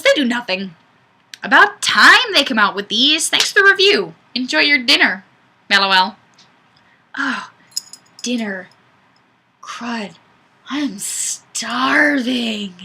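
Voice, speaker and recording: Using a webcam mic, a woman hosts a livestream and reads viewer comments in a chatty, self-deprecating way. Her voice is fairly high and sharp in tone.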